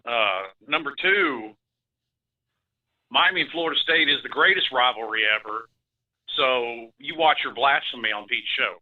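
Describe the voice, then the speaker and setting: A man's voice: medium pitch, normal speed, phone-quality sound. A man who is a regular on a live call-in sports talk show, making dry joking asides.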